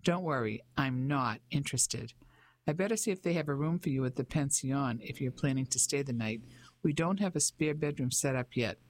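An audiobook narrator voicing a spirited Englishwoman who speaks briskly and self-assuredly. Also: rumbling low, darkish tone. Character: spirited Englishwoman living abroad.

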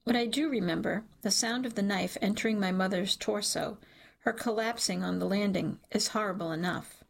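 A woman reading a dark first-person story aloud in a measured, dramatic way. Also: medium pitch, creaky. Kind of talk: scripted audiobook narration.

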